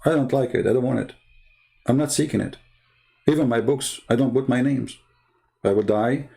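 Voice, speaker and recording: A man's voice: medium pitch, moderate pace, gravelly, warm tone. A man, a Christian debater, talking in an earnest, emphatic, casual monologue and often repeating himself.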